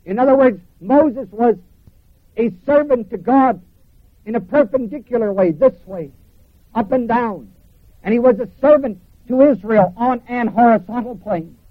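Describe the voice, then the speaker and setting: A man's voice: very high voice, a little slow, dry recording, narrow, tinny audio. A man preaching a sermon with emphatic repetition and questions put to his congregation. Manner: emphatic, repeats phrases, asks congregation questions.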